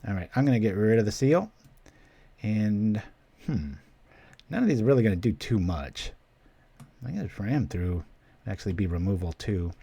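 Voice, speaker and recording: A man with a fairly low voice runs a card-game stream, talking through each play in a loose, chatty way. He thinks aloud and drops in playful little exclamations as he goes. The sound is close and dry, with no room echo. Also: expressive, moderate pace, creaky, pauses often, mellow, slightly rough. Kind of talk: casual live commentary while playing a card game.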